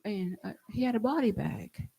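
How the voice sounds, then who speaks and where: Woman, gravelly and husky, earnest and halting personal account. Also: mid-range voice, lively intonation, warm tone, low-quality recording. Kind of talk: recounting a personal story.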